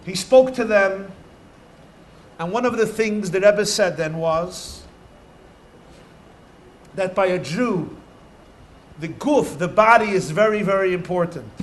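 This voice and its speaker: A man, a rabbi, telling stories to children in an animated way, stretching key words for emphasis. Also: sits high, slow pace, pauses often. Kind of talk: storytelling talk to children.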